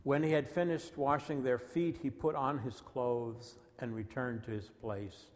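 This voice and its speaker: A man preaching a sermon, reading scripture dramatically and dropping to a hush at moments. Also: medium pitch, steady tone, unhurried, few pauses. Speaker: pastor. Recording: long reverb of a large hall.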